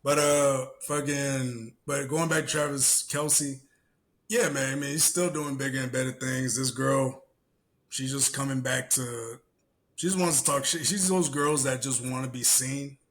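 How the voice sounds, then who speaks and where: Bright-voiced man telling animated stories. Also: mid-range voice, a little slow. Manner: animated storyteller who acts out quotes, swears freely. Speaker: podcast co-host. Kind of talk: casual chat.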